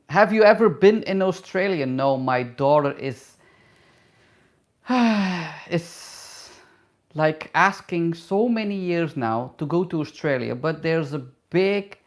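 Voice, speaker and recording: A middle-aged man, a travel vlogger and hairdresser, reads viewer questions aloud in a live Q&A and answers in halting, non-native English with many fillers. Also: on the high side. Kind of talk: live Q&A, casual chat.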